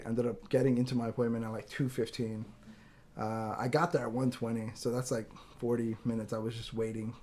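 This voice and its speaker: A man's voice: medium pitch, mellow. A young man hosting a podcast, rambling through an anecdote in casual chat and acting out the people he quotes, with some swearing. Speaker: podcast host.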